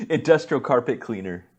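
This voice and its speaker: A man co-hosting a podcast in casual chat, easygoing and quick to laugh. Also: mid-range voice, a little mellow, breathy edge, lo-fi sound. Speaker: podcast co-host.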